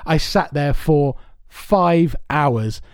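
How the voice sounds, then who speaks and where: A man's voice: a little high, drawn-out words, clean tone, dry recording, clean studio sound. A man hosting a podcast, rambling through his stories with plenty of swearing, amused at himself. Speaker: podcast host. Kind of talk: casual chat.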